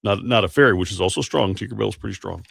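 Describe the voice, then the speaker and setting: A man's voice: on the low side, fast talker, vocal fry, breathy edge, dry recording, clean studio sound. A man hosting a morning radio show, chatting in a rambling, self-correcting way. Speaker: radio host. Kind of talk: casual morning radio talk. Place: radio studio. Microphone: studio microphone.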